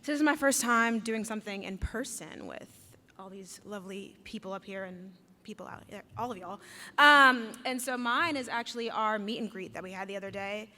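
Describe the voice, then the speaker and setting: A woman, new to a volunteer team, speaking earnestly and warmly on a convention panel. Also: mid-range voice, fairly quick, long reverb tail. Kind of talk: panel discussion.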